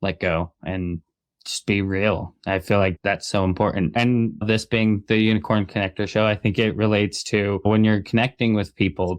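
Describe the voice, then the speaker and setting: A man's voice: fairly low pitch, clean tone, no room sound. A man hosting an interview show, supportive and affirming, asking long questions. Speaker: podcast host. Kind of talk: casual interview.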